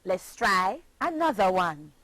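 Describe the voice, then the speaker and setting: A woman teacher with a Jamaican accent giving a children's phonics lesson, slow and emphatic, spelling words out letter by letter. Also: mid-range voice, big pitch swings, fairly bright tone, dry recording, poor audio.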